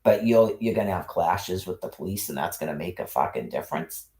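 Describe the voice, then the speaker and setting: A man's voice: low voice, animated, a little fast, mellow. A man ranting into his livestream in an agitated monologue, cursing heavily and repeating himself as he piles up accusations.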